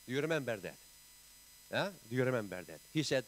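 A man with a Maltese accent preaching a sermon in church, emphatic, with big swings in pitch and loudness. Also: very animated, quick pace, long pauses, poor audio. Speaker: pastor.

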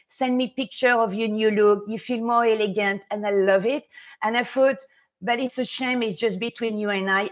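A woman, a fashion stylist chatting casually with viewers on a live stream, excitable, nervous and laughing often. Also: mid-range voice.

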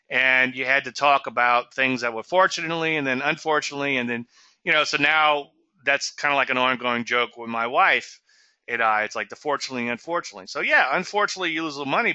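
A man's voice: medium pitch, bright, forceful tone, no room sound, lo-fi sound. A middle-aged man from Louisiana giving trading commentary in a chatty webinar, with sarcastic asides and a habit of tagging "okay?" onto points.

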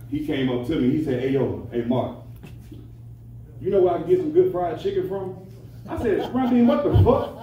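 A man's voice: medium pitch, dark tone, recorded from a distance. A man doing a crude, profane stand-up routine on a handheld mic in a nightclub. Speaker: stand-up comedian. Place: nightclub stage. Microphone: handheld stage mic. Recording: echoey club, voice from afar.

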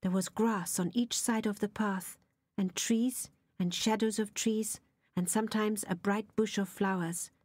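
A woman reading a novel aloud as an audiobook narrator, soft and often half-whispered. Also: mid-range voice, steady tone, unhurried, dry recording.

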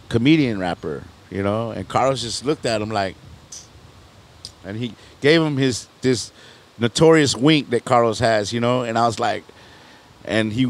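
Middle-aged man, rapper guest, mid-pitched voice, rambling slang storyteller who restarts his sentences a lot. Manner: rambling, loose slang, frequent "you know what I'm saying", restarts and laughs. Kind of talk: casual storytelling interview.

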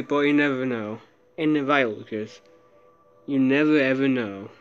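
A man's voice: medium pitch, steady tone, normal speed, smooth, lo-fi sound, soft background music. Man, casual handheld vlog, camera mic, jittery, mutters and swears under his breath. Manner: soft baby talk to his cat. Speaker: vlogger.

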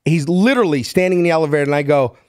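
A middle-aged man from South Philadelphia with a Philadelphia accent, a guest telling brash, animated stories and acting out the dialogue. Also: on the high side, racing, dry recording, studio quality. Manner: acts out dialogue in the stories, street-smart and brash. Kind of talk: animated storytelling.

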